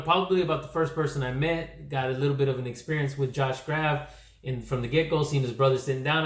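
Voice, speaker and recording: A man from California telling a casual vlog recap, rambling and correcting himself, his voice slightly worn from yelling. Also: mid-range voice. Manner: rambling, self-correcting storyteller. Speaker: comic book vlogger. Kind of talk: casual recap talk to camera. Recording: echoey room.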